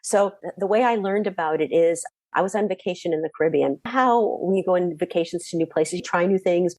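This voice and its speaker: A middle-aged woman from the Boston area, a mindset coach telling stories as a guest in a chatty, animated way. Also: lowish voice, fairly quick, no echo. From Boston area, USA. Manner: animated, chatty, frequent fillers. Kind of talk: conversational storytelling.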